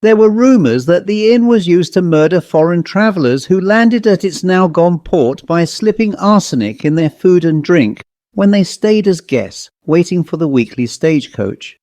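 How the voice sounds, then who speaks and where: A man's voice: high voice, lively intonation, normal speed, few pauses, mellow, no echo, voice pushed up. A man playing a rotund village constable, provincial English accent, polite, inquisitive, dry recording. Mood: uneasy. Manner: polite, inquisitive, increasingly uneasy. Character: rotund mid-thirties village police constable, proud.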